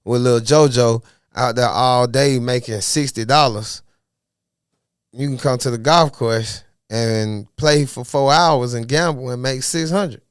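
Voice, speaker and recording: A man talking as a podcast guest in a casual interview, animated and full of streetwise slang. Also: medium pitch, measured pace, clean tone, no room sound, clean studio sound. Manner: animated, streetwise slang, asks "you know what I mean". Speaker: podcast guest, golf caddie.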